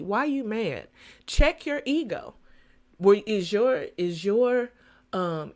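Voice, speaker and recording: A middle-aged woman hosting a solo podcast as a coach, talking casually and preaching with lively swings in her voice. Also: mid-range voice.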